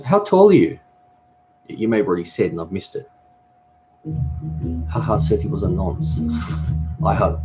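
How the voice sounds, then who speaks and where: A man's voice: on the low side, lively intonation, moderate pace, pauses often, darkish tone. A middle-aged man hosting a casual livestream chat, rambling and reading viewer comments aloud. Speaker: cooking channel host. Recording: dull lo-fi sound with music behind.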